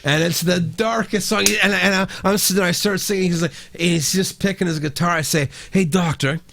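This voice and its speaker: A middle-aged Canadian songwriter telling a story as a podcast guest, rambling, restarting sentences and swearing freely. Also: male voice, high voice, brisk, gravelly, a bit bright. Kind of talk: casual storytelling.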